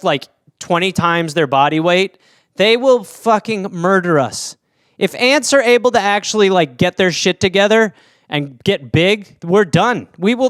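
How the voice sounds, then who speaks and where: Rambling, animated man from Wisconsin. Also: smooth, no room sound, clean studio sound. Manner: rambling, jokey, slips into silly high-pitched character voices. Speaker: podcast host. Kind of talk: solo comedic riffing on listener topics.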